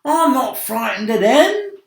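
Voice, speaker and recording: A shrill, brash shouting centipede. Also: male voice, big pitch swings, takes it slowly, vocal fry, reverberant, full character voice. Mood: boastful yelling. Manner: yelling insults, boastful. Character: brash loud-mouthed male centipede.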